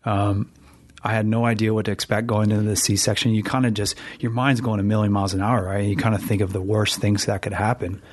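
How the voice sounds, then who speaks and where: A man recounting a personal story in a relaxed, earnest way, chatting casually with his partner. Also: on the low side, fairly quick. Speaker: new father, co-host.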